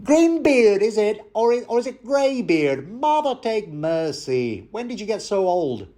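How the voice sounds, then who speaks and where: Bawdy Cockney innkeeper lady, high and teasing, put on by a man. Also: big pitch swings, unhurried, dark tone. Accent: Cockney, attempted.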